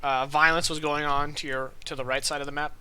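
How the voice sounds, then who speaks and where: Bright, animated man running a tabletop game. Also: a little high, a little hiss or hum, rough recording. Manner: animated, rushes into shouted NPC lines. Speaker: game master.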